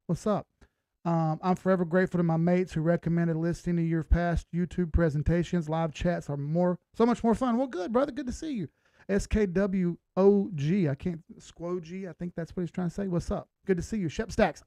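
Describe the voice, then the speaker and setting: A man with a fairly high voice runs a casual livestream chat. He is upbeat and shouts out viewers by name, and the sound is close and dry with little room around it. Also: dry recording. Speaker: livestream host.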